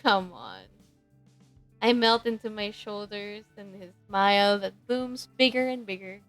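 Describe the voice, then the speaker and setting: A woman's voice: medium pitch, animated, unhurried, a bit bright, faint music behind. Giggly woman streamer reading a game. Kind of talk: reading a dating game aloud.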